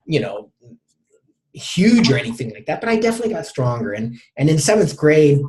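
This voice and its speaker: A man's voice: on the high side, very animated, darkish tone. Middle-aged male coach, interview guest, stop-start storytelling with many repeated words. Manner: halting, repeats words often.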